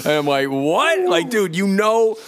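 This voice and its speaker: A man co-hosting a podcast, telling stories with animated energy and free swearing. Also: a little high, a little fast. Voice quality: animated storyteller, swears freely. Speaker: podcast host. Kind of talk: casual chat.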